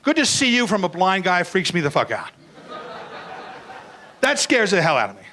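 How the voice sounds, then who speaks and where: A man's voice: high-pitched, huge pitch swings, normal speed, bright, forceful tone, a little hiss or hum, poor audio. An older man doing a crude, blunt stand-up comedy routine, acting out bits in put-on voices.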